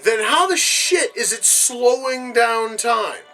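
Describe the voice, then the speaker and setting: High, bright-voiced man ranting profanely. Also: expressive, slow, faint music behind, low-quality recording. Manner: profane, exasperated ranting asides. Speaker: movie reviewer. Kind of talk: casual reaction commentary.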